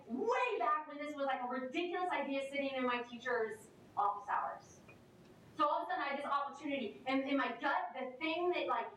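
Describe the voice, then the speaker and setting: A young woman tells stories from a conference stage in a high, bubbly voice, peppering her talk with "like" and acting out the people in her anecdotes. Her voice reaches the recording from a distance in a very echoey hall, with noise and a low rumble underneath. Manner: lively, peppered with "like", acts out quoted voices. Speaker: keynote speaker. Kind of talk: storytelling keynote speech.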